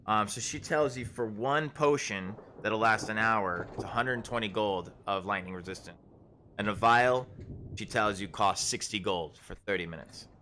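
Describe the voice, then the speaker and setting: A man's voice: fairly low pitch, normal speed, pushed and bright, slight background noise. A man narrating a tabletop game as game master, rambling with many fillers and often laughing.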